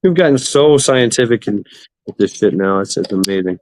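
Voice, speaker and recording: A man's voice: fairly low pitch, lively intonation, normal speed, a little mellow, no echo. A man hosting a casual livestream, rambling and swearing as he greets chat viewers. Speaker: livestream host. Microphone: computer mic for online stream.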